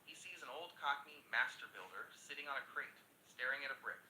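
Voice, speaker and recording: Cheeky ai guy voice telling jokes, super bright, echoey room. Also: expressive, fairly quick. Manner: cheeky, chatty joke delivery. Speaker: AI chatbot joke teller. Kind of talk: storytelling jokes. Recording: echoey with faint rumble.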